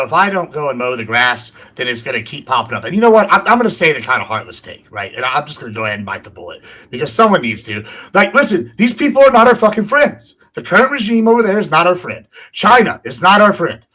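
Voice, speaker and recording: A man arguing bluntly on a live online debate, forceful and profane. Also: on the high side, sing-song, fast talker, hardly any pauses. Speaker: debate guest. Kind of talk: livestream political debate.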